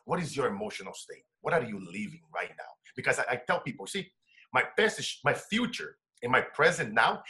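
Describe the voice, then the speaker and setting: Animated man telling his story. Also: mid-range voice. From Brazil. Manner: animated, shifts between hushed and loud laughing bursts. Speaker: interview guest, coach. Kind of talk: emotional storytelling in conversation.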